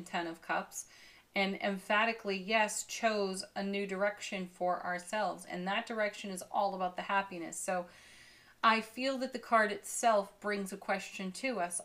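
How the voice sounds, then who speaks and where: A woman giving a daily tarot card reading, upbeat and effusive, with gentle laughs and soothing spiritual affirmations. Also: medium pitch. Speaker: tarot reader.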